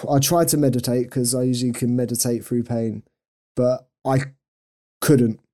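Young male podcast co-host, warm low-toned voice, self-mocking and giggly. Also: steady tone, moderate pace. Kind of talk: casual storytelling chat.

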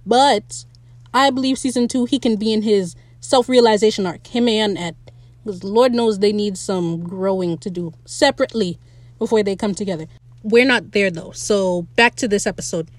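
A young woman hosting a casual, opinionated TV recap, blunt and animated and quick to laugh. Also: medium pitch, no room sound. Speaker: podcast host recapping a TV episode.

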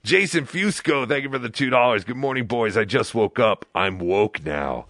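A man's voice: mid-range voice, expressive, moderate pace, vocal fry, fairly bright tone, no echo, studio quality. A man hosting a casual live stream, joking with co-hosts and reading out viewer donations. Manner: jokey, reads out viewer donations. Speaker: host.

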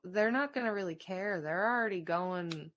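A woman co-hosting a podcast in loose, casual chat, her vowels carrying a Minnesota twang. Her voice is bright and forceful, and she builds into emphatic, swearing rants. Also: on the low side, moderate pace. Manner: emphatic and profane, with rising outbursts. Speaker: podcast co-host.

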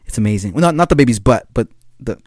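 Talking fast and expressively in a mid-range, slightly mellow voice, this young podcast host rambles on his own, full of slang and frequent laughs, a bit tired. The recording is dry and studio quality.

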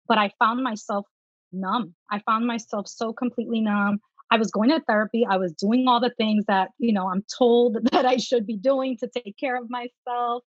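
A woman in her thirties telling her story as a guest in an interview, earnest and lively when she quotes herself. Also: mid-range voice, dry recording, highs cut off. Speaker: guest, tapping practitioner.

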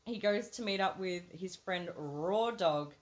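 A woman's voice: on the low side, a little slow. A woman co-hosting a movie review podcast, recapping a film in casual chat, swearing freely and laughing often. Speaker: podcast co-host.

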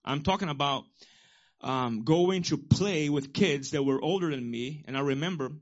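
A man in his forties preaches a sermon, his voice sitting a touch higher than most men's. He drives his points home with loud, emphatic bursts, then drops to quiet, personal asides. The recording sounds dull and lo-fi. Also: moderate pace. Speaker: pastor.

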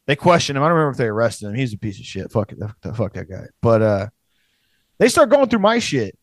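A man's voice: medium pitch, sing-song, fast talker, no room sound. A young man telling a rambling, profane story in casual podcast chat, laughing as he goes.

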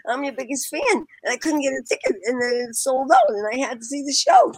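A woman tells a personal story fast, barely pausing, her pitch swooping wildly as she acts out the people she quotes and laughs along. The audio is poor, with no room sound.

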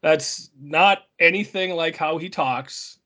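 Guy on a movie podcast, kinda high voice, lots of ums, explains the background stuff. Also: slow, bright, forceful tone. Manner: hesitant, many ums and restarts, explains context. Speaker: podcast co-host. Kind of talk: casual movie discussion.

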